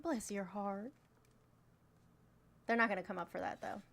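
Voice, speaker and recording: A woman's voice: medium pitch, measured pace, creaky, fairly bright tone. A woman moderating a live stream in casual chat, joking, bossy and swearing freely as she urges viewers on.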